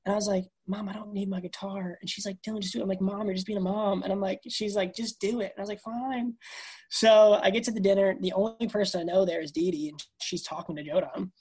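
Husky young woman telling a story. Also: medium pitch, fast, hardly any pauses. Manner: animated, acts out quoted dialogue, says dude and bro. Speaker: guest musician. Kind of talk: casual storytelling interview. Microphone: video call.

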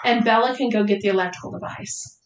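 A woman's voice: medium pitch, quick pace, slight background noise. A woman co-hosting a podcast who talks in a bossy, commanding way. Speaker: podcast co-host. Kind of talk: casual chat. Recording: echoey room.

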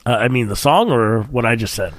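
A man's voice: medium pitch, animated, brisk, no room sound. Sarcastic, grumpy male co-host. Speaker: podcast co-host. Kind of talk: casual bickering podcast chat.

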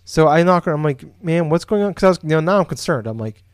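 A man's voice: on the high side, lively intonation, fast talker, no room sound, clean studio sound. Rambling man telling a story on a podcast. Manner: rambling, lots of fillers and restarts. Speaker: podcast co-host. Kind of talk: casual storytelling chat. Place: home office, indoors.

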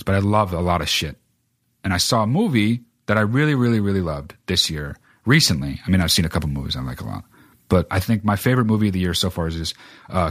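A man with a low, husky voice rants about films on a solo podcast. He swears freely and rambles, leaning on filler words as he goes. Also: dry recording, studio quality. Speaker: podcast host. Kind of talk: casual solo film rant.

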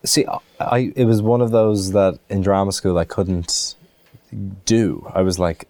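A man's voice: sits low, a little slow, darkish tone. A man from Ireland, an actor, answering interview questions in a thoughtful way, with many restarts and fillers.

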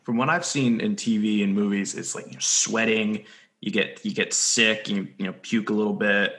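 A man's voice: on the low side, fairly even intonation, moderate pace, a bit bright. A young man co-hosting a podcast, recapping a TV episode in a jokey, rambling way with lots of fillers. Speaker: podcast co-host. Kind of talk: casual chat recapping a TV episode.

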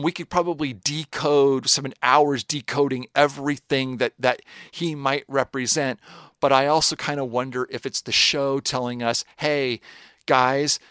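A man's voice: medium pitch, pushed and bright, no echo. Dry-miked man musing on a podcast. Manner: thoughtful, rambling, jokey asides. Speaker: podcast co-host. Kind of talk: casual podcast discussion.

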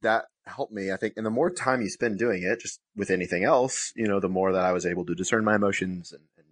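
A man's voice: fairly low pitch, fast talker. A man hosting a podcast interview, reflecting aloud and thinking through his words with many fillers. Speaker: podcast host. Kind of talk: conversational interview.

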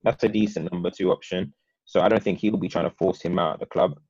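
A man co-hosting a casual football chat, talking in long, animated, opinionated runs. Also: low-pitched, quick pace, no echo, lo-fi sound.

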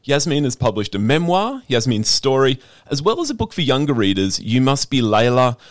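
A man's voice: mid-range voice, big pitch swings, normal speed, no echo, clean studio sound. An Australian man hosting an interview over a video call, enthusiastic and restarting often. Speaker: podcast host. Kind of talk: interview host.

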